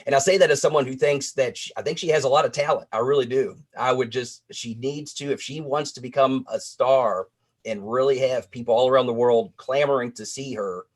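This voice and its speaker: A man's voice: mid-range voice, a little fast, breathy edge. A man co-hosting a wrestling review podcast, talking earnestly and at length with frequent restarts. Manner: earnest, lecturing, lots of restarts. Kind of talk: casual podcast chat.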